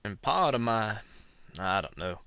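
A man's voice: lowish voice, sing-song, unhurried, creaky, pushed and bright, no echo, full character voice. Man doing a folksy Southern jailbird. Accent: fake American Southern. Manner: folksy storytelling. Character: rough-talking southern man who just got jailed.

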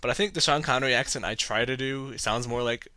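Podcast guy from north carolina, jokey and self-mocking, bright dry voice. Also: mid-range voice, fast, dry recording. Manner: self-mocking, joking, chatty. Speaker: podcast host and movie reviewer. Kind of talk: casual rambling monologue.

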